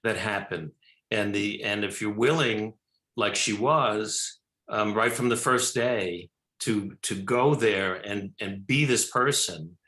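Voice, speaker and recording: A man's voice: fairly low pitch, slow, sharp tone, roomy sound, low-quality recording. An older man, a film director, tells a story at length in a talk show interview, with many restarts and fillers. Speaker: film director and actor, guest.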